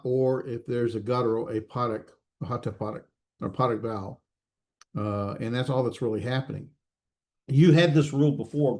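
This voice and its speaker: A man teaching a recorded class, explaining slowly with many fillers and restarts and checking in with his students. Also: medium pitch, a little mellow. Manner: checks in with students, self-correcting. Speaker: instructor.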